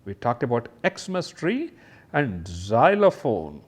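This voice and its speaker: Slow, sing-song male kindergarten teacher. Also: mid-range voice, wildly swooping pitch. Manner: slow, sing-song, talks straight to children, imitates sounds. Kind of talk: children's lesson with toys.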